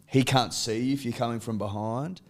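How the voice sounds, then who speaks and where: Joking podcast co-host. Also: male voice, medium pitch, steady tone, normal speed. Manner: loose, joking banter. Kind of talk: casual podcast chat.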